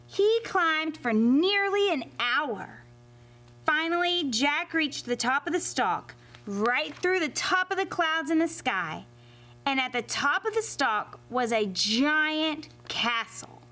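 A woman reading a fairy tale aloud to children as a library storyteller, expressive and animated. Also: high voice, takes it slowly. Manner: expressive and animated, addressing kids.

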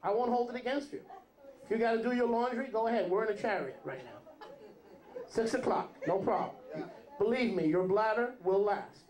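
A man's voice: high-pitched, animated, normal speed, darkish tone. Man, rabbi giving a chatty, joking sermon to a congregation; echoey room. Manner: joking, conversational, asks the audience questions. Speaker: rabbi, teacher. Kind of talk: sermon teaching. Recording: roomy hall.

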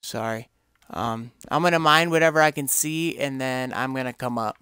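A man's voice: medium pitch, moderate pace, pushed and bright, clear, resonant tone, no room sound, studio quality. A man giving casual, rambling commentary over his own gameplay, often searching for words and exclaiming when things go wrong. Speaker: gameplay streamer.

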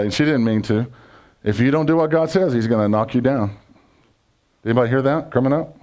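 A pastor preaching a conversational sermon, joking and asking the congregation questions. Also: male voice, mid-range voice, darkish tone.

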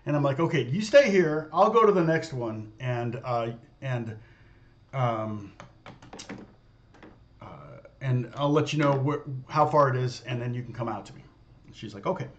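A man's voice: medium pitch, lo-fi sound, slight background noise. A rambling man telling a story. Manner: rambling, halting with many fillers and restarts. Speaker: guitar teacher. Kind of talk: casual storytelling.

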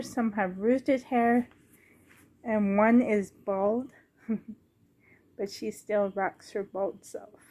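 Soft-spoken woman, slow and pausing. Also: mid-range voice, no echo. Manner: gentle, pausing often, fond and chatty. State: slightly hoarse, frog in throat. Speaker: doll collector vlogger. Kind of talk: casual show-and-tell vlog. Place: at home.

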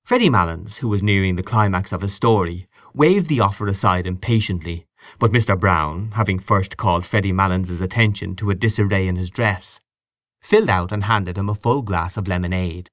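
A man narrating a literary audiobook in a measured, expressive way. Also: deep voice, no echo, studio quality. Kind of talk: audiobook reading of literary fiction.

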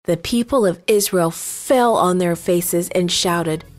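Slow, gentle woman storyteller. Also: on the low side, soft background music. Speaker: narrator. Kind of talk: scripted children's Bible story narration.

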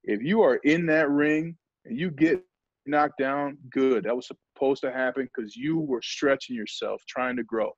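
A former pro football player speaking energetically and emphatically in a motivational talk over a video call. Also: male voice, medium pitch, measured pace, no room sound. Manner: energetic, emphatic, acts out quotes. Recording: dull lo-fi video call audio.

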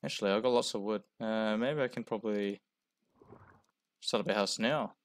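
A young man casually commenting on his own gameplay, jumpy and talking himself through his fear, going from quiet muttering to loud yells. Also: fairly low pitch, normal speed. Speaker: gamer playing a first session. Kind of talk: casual let's-play commentary.

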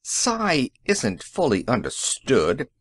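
A man reading the part of a calm, cheerful inventor in an audiobook, explaining things in a matter-of-fact way. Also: medium pitch, slow pace, husky, exaggerated voice.

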